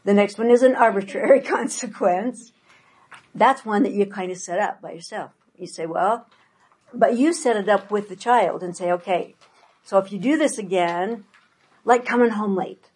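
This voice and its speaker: An older woman leads a parenting workshop, her voice soft and a little breathy. She tells stories with energy and slips into quoted voices as she goes. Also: medium pitch, moderate pace, rough recording. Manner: animated storyteller, acts out quoted voices. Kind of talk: workshop talk with anecdotes.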